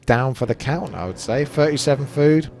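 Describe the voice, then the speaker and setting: A man's voice: mid-range voice, expressive, moderate pace, a little mellow, a little hiss or hum. A man casting a live strategy game match, chatty and analytical. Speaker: esports caster.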